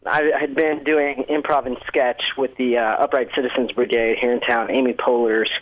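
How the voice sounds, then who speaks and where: A man's voice: mid-range voice, little pitch movement, normal speed. Man with a childlike, stuffy voice. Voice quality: sounds like a five-year-old with a cold. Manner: chatty, self-deprecating, lots of restarts. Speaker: guest actor. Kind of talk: casual interview chat. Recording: dull lo-fi sound.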